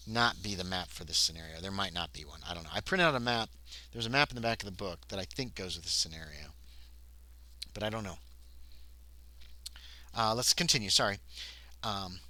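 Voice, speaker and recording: A man's voice: on the low side, sharp tone, low-quality recording. A man playing a solo tabletop horror scenario on a livestream, reading the text aloud and breaking off into muttered asides. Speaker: solo tabletop game player and narrator.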